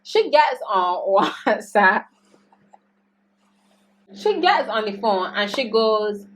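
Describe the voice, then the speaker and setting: A young woman telling a storytime vlog story, animated and slangy as she vents. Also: fairly high pitch, takes it slowly, a little hiss or hum. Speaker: YouTuber.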